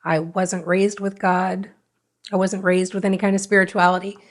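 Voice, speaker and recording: A woman's voice: mid-range voice, little pitch movement, moderate pace. A middle-aged woman sits as a guest and tells her own recovery story. She speaks frankly and with real feeling. Now and then she slips into the voice she had at the time, replaying what she once said. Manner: frank, emotional, re-enacts her own past words. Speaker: podcast guest.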